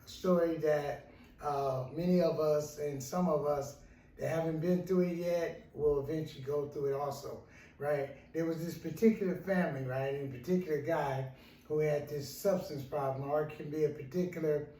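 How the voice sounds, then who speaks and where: A man's voice: on the high side, fairly even intonation, normal speed, mellow. Rambling male counselor telling a story. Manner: rambling, repetitive, frequent "right?". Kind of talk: storytelling talk. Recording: roomy echo, mic at a distance.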